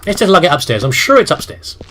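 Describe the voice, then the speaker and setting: A man's voice: fairly high pitch, very animated, fast talker, a bit bright, a little hiss or hum. A British man chatting his way through a video game, rambling and poking fun at himself as he plays. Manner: chatty, self-deprecating, talks to himself while playing. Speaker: let's play host. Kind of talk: rambling gameplay commentary.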